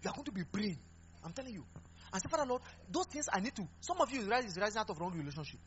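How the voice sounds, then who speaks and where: A man preaching a lively sermon, mixing Pidgin into his exhortations and laughing often. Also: sits high, racing, a little hiss or hum. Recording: dull lo-fi recording with faint music.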